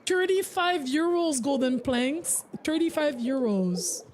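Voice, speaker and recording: A young woman streamer reacting to a game with giggly, incredulous commentary. Her high voice leaps around a lot, and she takes her time, drawing the words out. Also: lively intonation, takes it slowly, a little mellow, slight background noise. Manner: giggly, incredulous, teasing remarks. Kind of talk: casual gameplay commentary.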